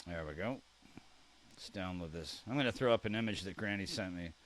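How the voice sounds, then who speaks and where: A man's voice: low-pitched, fairly quick, a bit bright. A man hosting a live stream, chatting casually and reading viewer comments aloud in a friendly, joking way. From Canada.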